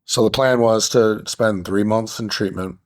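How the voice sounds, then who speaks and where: A man earnestly recounting a hard personal story as a podcast guest, halting with restarts and fillers. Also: lowish voice, a little mellow.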